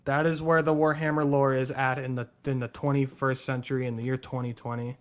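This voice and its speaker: A man in casual podcast chat, telling a story with lively, jokey quoted voices. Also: medium pitch, a little fast. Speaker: podcast co-host explaining lore.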